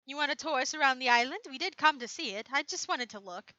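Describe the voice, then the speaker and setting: High, animated woman at a game table. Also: quick pace, no echo, dull audio. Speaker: player. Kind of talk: playing a character in a tabletop game.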